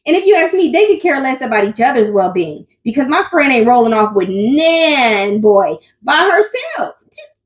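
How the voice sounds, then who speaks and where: A woman hosting a commentary channel, chatting casually and talking straight to her viewers. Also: sits high. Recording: echoey room with faint music.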